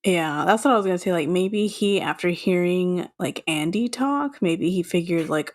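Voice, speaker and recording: A woman with a mild Texan accent co-hosting a podcast in casual chat, chatty and quick to laugh, acting out little lines. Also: fairly low pitch, lively intonation. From Texas. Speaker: podcast co-host.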